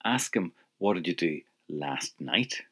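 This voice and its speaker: A man's voice: low-pitched, lively intonation, slow pace, pushed and bright, husky. A man teaching an audio language lesson, patiently prompting the listener to answer.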